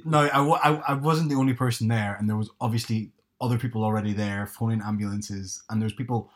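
Guy rambling through a story, low voice, keeps correcting himself. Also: fairly even intonation, fast. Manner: rambling, self-correcting anecdotes. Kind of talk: casual chat.

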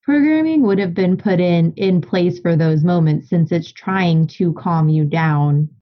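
A woman's voice: on the low side, measured pace, highs cut off. A woman co-hosting a podcast, chatting casually in a friendly, encouraging way. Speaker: podcast co-host. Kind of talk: casual chat.

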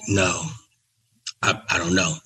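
A man imitating a calm, deliberate male comedian, in a lower voice than his own. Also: slightly rough, exaggerated voice, poor audio. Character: cool, unhurried famous male comedian.

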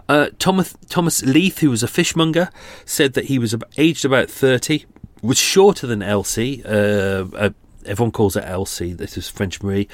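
A man's voice: lowish voice, no room sound. Guy in his 40s chatting about a true crime case, loose and wandering, dead dry sound. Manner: rambling, self-deprecating, many restarts. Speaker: podcast host. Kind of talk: casual true-crime commentary.

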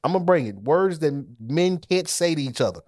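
A male podcast co-host telling a rambling story in loose, profane chat. His pitch swings a lot, rising high as he gets worked up. His voice sits a little above average for a man. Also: fairly quick, dry recording, studio quality. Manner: animated, profane, laughs while telling stories.

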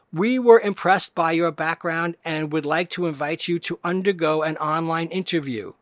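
A man reading scam emails aloud in a deadpan, mocking way, speaking every punctuation mark and space. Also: sits high, no room sound. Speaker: comedic reader.

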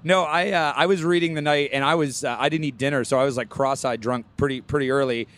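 Relaxed young man chatting on a podcast. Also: mid-range voice, quick pace. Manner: relaxed, self-deprecating storytelling. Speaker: podcast co-host. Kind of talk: casual chat.

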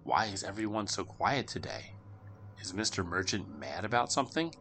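A man voicing a timid young boy who talks in a hushed, unsure way. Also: lowish voice, lively intonation, normal speed, slight background noise. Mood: worried.

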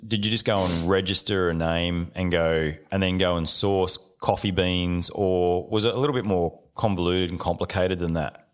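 Aussie host bloke, really low voice, easygoing, lots of yeah yeah. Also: male voice, steady tone, normal speed. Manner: laid back, swears casually, short agreeing replies. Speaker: podcast host. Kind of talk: casual interview chat.

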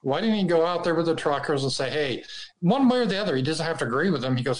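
A man's voice: a little high, expressive, fast, rough recording. A man giving emphatic, indignant political commentary as a podcast guest.

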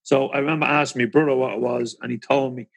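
A man, hosting an interview and asking halting questions with repeated words. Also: mid-range voice, steady tone, creaky. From Northern Ireland. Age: 50s. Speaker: podcast host.

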